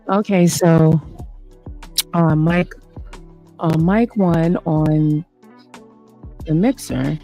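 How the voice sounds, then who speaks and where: A middle-aged woman hosting a casual live stream, thinking aloud in an unhurried way while she sets up her audio gear. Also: on the low side, warm tone, low-quality recording. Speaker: YouTube host.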